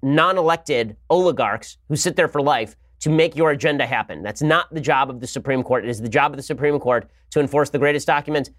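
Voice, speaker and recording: A man's voice: medium pitch, a bit bright, no room sound, studio quality. A man hosting a podcast, delivering a sarcastic, combative political commentary monologue. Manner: rapid-fire delivery. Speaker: podcast host.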